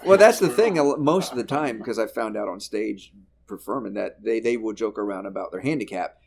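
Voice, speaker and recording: Gravelly-voiced male podcast host. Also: on the low side, animated, fairly quick, noisy background. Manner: storytelling, laughs loudly at guest's jokes. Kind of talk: casual interview chat.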